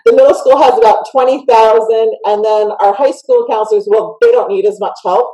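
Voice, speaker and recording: A woman's voice: fairly high pitch, fairly even intonation, fairly quick, dark tone, poor audio. A woman with a Southern US accent, a school counselor guest in a casual video-call interview, upbeat and emphatic, laughing often.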